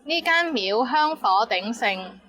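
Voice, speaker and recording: A woman's voice: on the high side, lively intonation, slow, sharp tone, faint music behind, poor audio. A woman teaching Cantonese words, saying each word twice and then giving example sentences. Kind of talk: language lesson.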